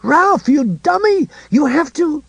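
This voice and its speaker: A man voicing a terrified older woman who shouts urgent warnings, his own voice pushed far higher and louder into a frantic, shrill cry. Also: very animated, slow, creaky, no room sound, exaggerated voice. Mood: frantic, pleading. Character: frightened older woman screaming for help.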